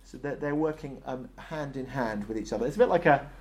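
A man's voice: mid-range voice, fairly quick, a little mellow. Conversational male preacher. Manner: conversational, acts out short voiced dialogues. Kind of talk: sermon.

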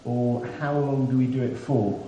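Male preacher, chatty sermon delivery with wry humour, mellow tone, roomy echo from a distant mic. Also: mid-range voice, fairly even intonation, normal speed, lo-fi sound. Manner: conversational, self-deprecating humour. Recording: echoey room, mic at a distance, faint background hiss.

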